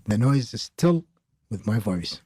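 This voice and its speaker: A man hosting an audio production tutorial, talking haltingly with many filler pauses as he explains plugins. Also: fairly low pitch, expressive, warm tone, slightly rough. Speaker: mixing tutorial host.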